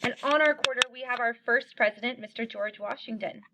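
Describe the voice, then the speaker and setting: Chanting short rhymes slowly so the kids can echo them, this woman runs an upbeat, encouraging online lesson on coins for young children. She speaks on the high side with a bright, forceful tone.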